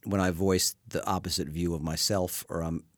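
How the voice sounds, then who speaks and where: A man's voice: low voice, flat delivery, normal speed, no room sound, studio quality. A male stand-up comedian with a Southern US accent, chatting casually and thinking aloud with restarts. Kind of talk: casual conversation.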